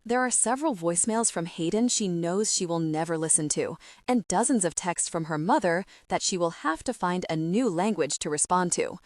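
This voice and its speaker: A woman's voice: lowish voice, lively intonation, normal speed, few pauses, no room sound. Woman narrating an audiobook, dry booth. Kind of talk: scripted narration.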